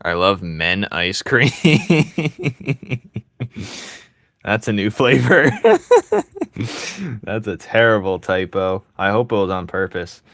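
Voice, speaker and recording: A man's voice: fairly low pitch, huge pitch swings, slow, long pauses, a bit bright, dry recording, studio quality. A young man chatting casually with his live chat while he draws, teasing and laughing often. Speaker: streamer drawing live and reading chat.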